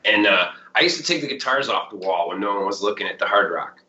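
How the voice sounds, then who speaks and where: A man in his fifties with a Chicago accent, speaking a little low with a bright, sharp edge. He rambles through a casual interview story, leaning on "like" and "you know". The sound is roomy and dull, lo-fi. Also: expressive, fast. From Chicago area. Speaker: blues musician guest.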